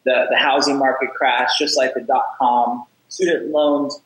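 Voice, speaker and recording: Energetic man with a roomy echo. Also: mid-range voice, measured pace. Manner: energetic, repeats words when starting sentences. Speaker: podcast guest, startup founder. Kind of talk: casual interview talk, storytelling.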